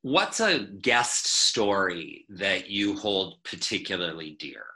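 Slow, bright-voiced male interviewer. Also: sits low, sing-song. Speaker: interview host. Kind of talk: interviewing over a video call. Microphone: video call.

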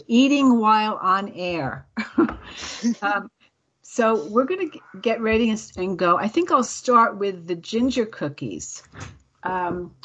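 A woman's voice: mid-range voice, slightly rough, dull audio. A woman hosting a casual radio chat, tasting cookies on air, chatty and laughing often. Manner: chatty, laughs often, talks with mouth full. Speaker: radio show host.

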